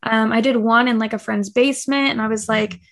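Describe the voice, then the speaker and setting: A woman's voice: fairly high pitch, steady tone, brisk, a bit bright. A young woman as a podcast guest, chatting casually and acting out quotes with lots of fillers. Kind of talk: casual interview chat.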